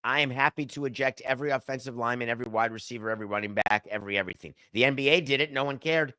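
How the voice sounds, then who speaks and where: Talking very fast with a sharp tone, a middle-aged sports podcast host with a mid-range voice argues with himself through an emphatic, sardonic opinion monologue. The audio is studio quality, without room sound.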